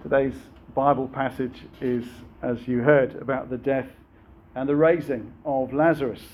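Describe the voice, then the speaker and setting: A man's voice: medium pitch, fairly even intonation, measured pace, muffled recording, a little hiss or hum. A man preaching a sermon in a conversational way, with frequent fillers and rhetorical questions.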